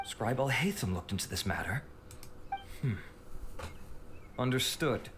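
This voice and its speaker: An actor playing a stern, businesslike officer in a game. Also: male voice, mid-range voice, expressive, measured pace, background noise, natural voice. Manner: formal, businesslike. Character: stern male officer, formal and dutiful.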